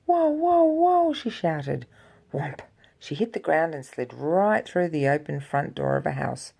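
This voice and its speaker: Woman reading a storybook aloud, gravelly. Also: sits low, unhurried. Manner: lively, expressive reading with sound effects.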